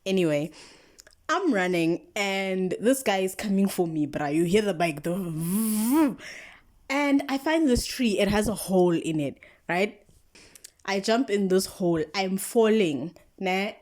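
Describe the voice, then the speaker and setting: Young South African woman, casual storytime vlogger; mellow, animated, slangy delivery with lots of filler words. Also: mid-range voice, a little slow.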